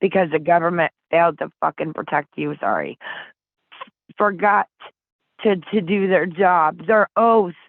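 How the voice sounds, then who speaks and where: A woman's voice: fairly low pitch, animated, measured pace, dry recording. A woman from Flint, Michigan, talking as an interview guest in an urgent, emotional, pleading way over a phone line. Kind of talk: impassioned interview talk. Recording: tinny phone line, dry.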